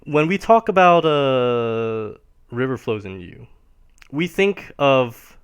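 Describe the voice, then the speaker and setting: A man's voice: medium pitch, animated, slow pace, smooth. A man teaching piano on a live stream, explaining ideas patiently and checking in with a constant questioning "right?" as he goes. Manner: explains patiently, ends nearly every phrase with a questioning "right?". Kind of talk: live-streamed music lesson.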